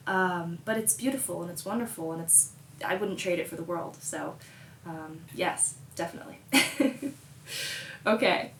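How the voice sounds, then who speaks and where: A bubbly young woman from Colorado answers fan questions in a casual, giggly way. Her voice sits a little low, and the echoey hotel room gives it a roomy sound with a faint hum underneath. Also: fairly even intonation, a little slow. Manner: bubbly, giggly, lots of fillers. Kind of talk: casual chat.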